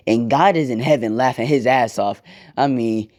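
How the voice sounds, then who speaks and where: A man's voice: mid-range voice, moderate pace, darkish tone. A young man casually telling a fan-made story, rambling with slang, profanity and side comments.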